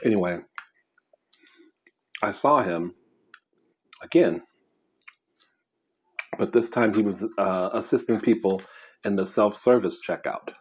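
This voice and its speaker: A man vlogging casually while he eats, rambling and pausing mid-sentence as he chews. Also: fairly low pitch, breathy edge. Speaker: mukbang vlogger. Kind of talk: casual chat while eating.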